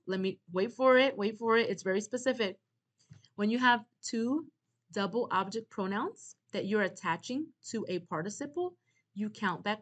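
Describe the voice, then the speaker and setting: A woman's voice: mid-range voice, a bit bright. A woman teaching a recorded language lesson, explaining step by step and speaking straight to her students. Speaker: Spanish teacher. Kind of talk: instructional lecture.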